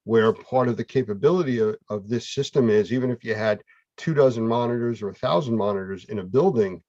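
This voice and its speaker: A man's voice: medium pitch, fairly quick, mellow, dry recording. A male host talking conversationally and explaining things in a casual online interview. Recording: dull, dry mic sound.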